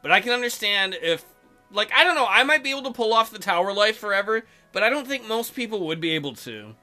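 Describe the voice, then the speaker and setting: High, bright-voiced joking man. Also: animated, fast talker, faint music behind. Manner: joking, crude asides. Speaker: let's play host. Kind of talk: game commentary.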